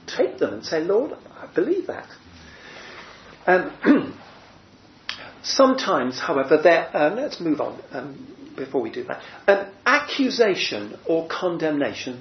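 A man's voice: fairly high pitch, a little hiss or hum. A man teaching a small group in a chatty way, full of fillers and restarts, asking his listeners questions. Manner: conversational, many fillers and restarts, asks the room questions. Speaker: preacher. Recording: muffled roomy recording.

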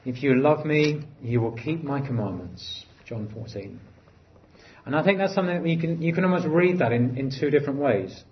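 Preaching at normal speed, a man with a middle-pitched voice keeps an earnest tone, pushing up for emphasis before sinking into soft, low lines. The audio is a touch dull and muffled, carrying a bit of hiss or hum.

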